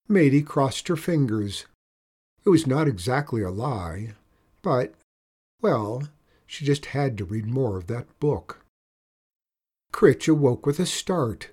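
A man reading a children's story aloud in an expressive storytelling manner. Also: medium pitch, slow, long pauses, breathy edge.

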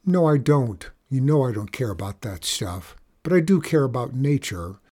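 A man's voice: mid-range voice, sing-song, moderate pace, warm tone. A man voicing an indignant, snappy middle-school girl who loves nature. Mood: defiant.

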